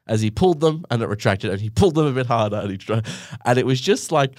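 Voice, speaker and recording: Rambling podcast host, lively pitch. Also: male voice, quick pace, dry recording, clean studio sound. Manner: rambling, with many asides and self-mocking jokes. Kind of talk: casual comedic storytelling monologue.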